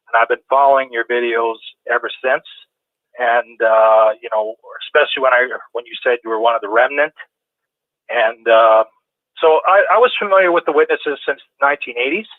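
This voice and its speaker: A caller with a medium-pitched voice chats casually on a talk show, rambling and restarting often. The tinny phone line carries no echo.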